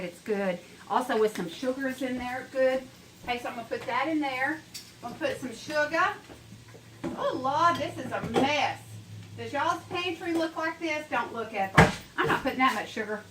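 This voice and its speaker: A woman's voice: high-pitched, noisy background. A woman chatting her way through a home cooking demonstration, rambling and talking straight to her viewers in her kitchen.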